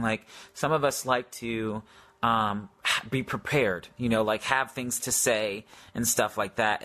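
A man's voice: medium pitch, fairly bright tone. A man telling a faith story in a casual, rambling way, full of fillers and restarts. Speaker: Christian speaker.

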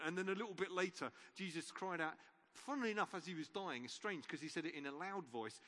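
A man's voice: high voice, fast talker, pushed and bright. A man preacher giving an Easter sermon in an informal storytelling way, with wry asides. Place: church. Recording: long reverb of a church.

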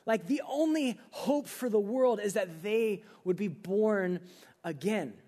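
A young man preaching a sermon, pleading earnestly, often with casual filler words, swinging between loud urging and hushed intensity. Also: high-pitched, takes it slowly. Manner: casual, uses many filler "like"s.

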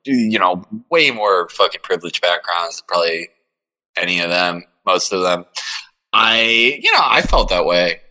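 A man's voice: sits low, animated, moderate pace, bright, forceful tone, rough recording. A man talking as a podcast guest in casual chat, rambling with lots of fillers and swearing.

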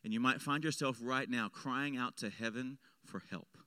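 Man, pastor, sermon, bright, resonant, dry close sound, dynamic preaching. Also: normal speed, clear, resonant tone, no room sound. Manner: preaching with wide swings between loud emphasis and hushed low lines. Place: church.

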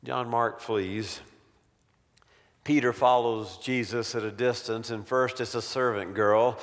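A man preaching a sermon in a large church hall, telling the story dramatically and letting phrases trail off to near-quiet. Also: medium pitch, steady tone, slow pace. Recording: long hall reverb.

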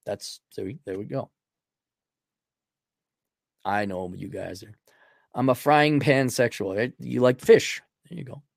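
A man hosting a podcast, reading out donor messages and answering them in blunt, crude, rambling talk that swings from loud outbursts to low muttering. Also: a little slow, gravelly, long pauses, no room sound, clean studio sound. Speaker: podcast host. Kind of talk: livestream donation reading.

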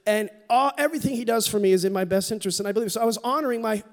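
A middle-aged man preaching a sermon in a church, telling a personal story with candor and dropping to a hush at tender moments. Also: high voice, racing. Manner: candid, storytelling, drops to a hush for quoted moments. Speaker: pastor. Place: church sanctuary. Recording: long hall reverb.

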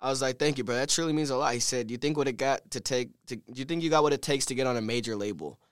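A teenage man, a guest musician, excitedly telling a story on a casual podcast and quoting the people in it. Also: mid-range voice, racing, smooth, no echo, clean studio sound. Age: teens. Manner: excited storytelling, quotes himself and others.

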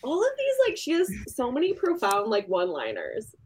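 A woman's voice: on the high side, huge pitch swings, a little fast, a little mellow, a little hiss or hum. A woman co-hosting a book review podcast, chatting casually, laughing often and acting out quotes. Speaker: podcast co-host.

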